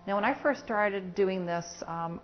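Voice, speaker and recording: A woman's voice: mid-range voice, a little slow, muffled recording, faint music behind. A woman dog trainer explaining steps in a practical way while working with a puppy at home. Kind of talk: hands-on training lesson.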